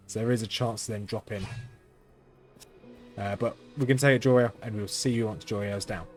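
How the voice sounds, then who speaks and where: A man in the middle of his pitch range gives let's-play commentary in a monotone, understated voice, thinking aloud as he goes. Faint game music plays behind him. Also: fast talker. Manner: thinking aloud while playing. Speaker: gaming channel host.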